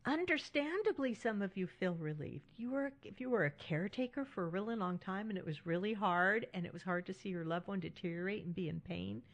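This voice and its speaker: A woman's voice: medium pitch, expressive, fairly quick, few pauses. A middle-aged woman hosting a solo podcast, speaking frankly and reassuringly and often checking in with "right?". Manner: warm, reassuring and frank, with frequent "right?" tags. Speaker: podcast host.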